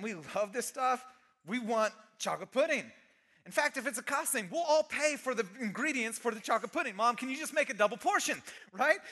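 A middle-aged man preaching an animated, conversational sermon, dropping at times to a soft near-whisper. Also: very high-pitched. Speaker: pastor. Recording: long reverb of a large hall.

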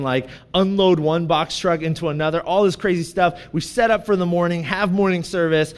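A man in his thirties preaching a sermon, telling a personal story in an animated, self-deprecating, joking way. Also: a little high. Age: 30s. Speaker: pastor. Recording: long church-hall reverb.

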